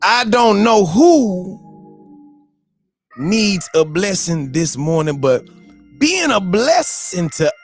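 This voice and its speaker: A man mimicking a slow, fervent preacher. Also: high-pitched, very animated, soft background music, pitched above the performer's own voice, heavily acted. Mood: intoning, rousing. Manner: slow, stretched-out pulpit delivery.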